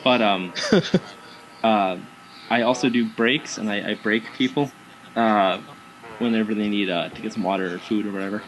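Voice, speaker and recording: A man chatting casually as a guest, telling lively anecdotes with frequent fillers and laughs. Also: lowish voice, a little fast, rough recording. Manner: animated anecdotes with acted quotes, frequent fillers. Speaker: guest, haunted house actor. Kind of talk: casual chat, storytelling.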